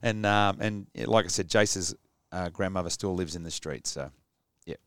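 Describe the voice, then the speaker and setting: A man's voice: sits low, normal speed, fairly bright tone, dry recording. An Australian man co-hosting a radio show, matey and chatty in casual studio talk. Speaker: radio co-host.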